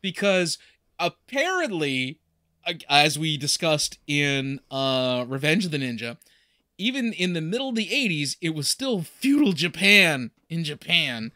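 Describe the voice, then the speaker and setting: A man's voice: a little high, very animated, unhurried, bright, forceful tone, dry recording, clean studio sound. A man co-hosting a podcast in casual chat, joking and laughing a lot. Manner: jokey, laughs often, fillers and restarts. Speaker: podcast co-host.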